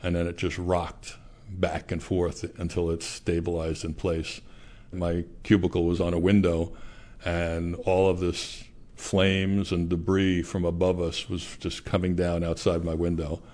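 A man being interviewed, recounting a personal experience in a measured, reflective way. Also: low voice, completely flat delivery, a little mellow.

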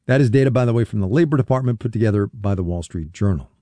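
A man's voice: fairly low pitch, animated, mellow, no room sound. Dry-sounding male radio host. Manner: measured, with small restarts. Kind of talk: radio interview.

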